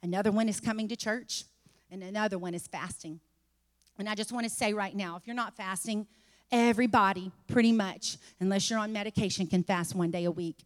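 A woman preaching a sermon in a church, fervent and repetitive, rising to shouts. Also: mid-range voice, fairly even intonation, fairly quick, big-room sound.

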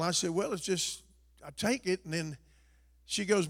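An older pastor delivers a folksy sermon in a high, gravelly voice. He drops to hushed asides, then builds to shouting, stammering on repeated words. His voice rings out with a long echo through the church hall. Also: fairly even intonation, a little fast.

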